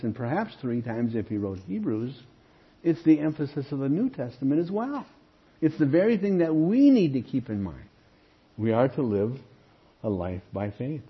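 Husky-voiced pastor, dull lo-fi recording. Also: male voice, mid-range voice. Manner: explanatory, keeps asking "okay?". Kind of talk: evening Bible study teaching.

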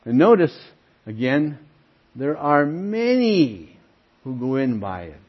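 A man's voice: medium pitch, sing-song, slow, lo-fi sound. An older man, a pastor, preaching a sermon with earnest emphasis and calling his listeners friends.

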